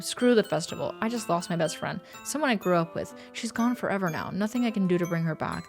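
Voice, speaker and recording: A young woman streamer reading a visual novel's narration aloud, steady and earnest, with shrieking scared outbursts in between. Her voice sits a little low, and faint game music plays under her.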